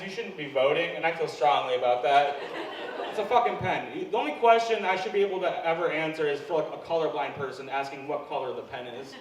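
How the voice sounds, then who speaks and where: A man doing a stand-up set, self-deprecating and chatting with the crowd, laughing between jokes. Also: fairly high pitch. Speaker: stand-up comedian. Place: comedy club stage. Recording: echoey live room from far off, noisy.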